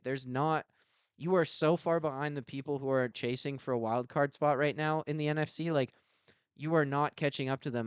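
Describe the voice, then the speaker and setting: A man's voice: mid-range voice, smooth, no echo. A man co-hosting a sports podcast, ranting in exasperation about a team owner in casual talk. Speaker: podcast co-host.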